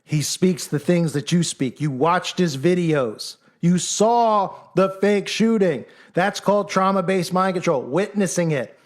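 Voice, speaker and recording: A commentator speaks in a high, animated voice, a little slow yet with hardly any pauses. His argumentative monologue is combative and mocking, packed with rhetorical questions and mock-voiced imitations of his critics.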